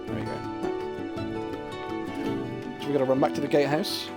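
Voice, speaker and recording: A man's voice: a little high, level tone, normal speed, over loud music. A man, chatting casually and rambling while streaming a puzzle game. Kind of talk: casual gameplay chat.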